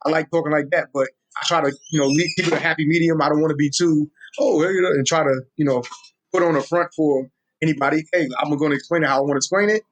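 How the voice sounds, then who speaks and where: A fast-talking young man with a high-ish voice and a New York accent appears as an interview guest; he's a Tolkien explainer on social media. Animated and street-casual, he keeps restarting and repeating words, with a little hiss or hum audible.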